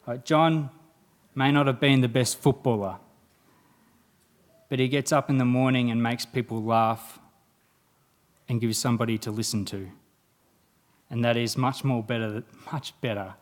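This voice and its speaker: A young man giving a motivational speech at a graduation ceremony, telling stories and acting out the dialogue in them. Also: mid-range voice. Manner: animated storytelling, acting out quoted dialogue. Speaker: guest speaker.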